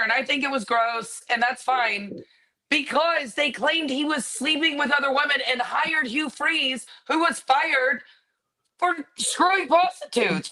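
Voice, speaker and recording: Bright, emphatic ranting woman. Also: high-pitched, low-quality recording. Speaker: podcast co-host. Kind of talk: casual sports chat.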